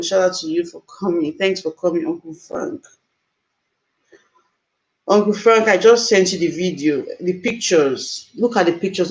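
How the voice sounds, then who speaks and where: A woman's voice: on the low side, a little mellow, rough recording. A woman hosting a live stream, talking to viewers in a distressed, emotional, exclaiming way. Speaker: livestream host.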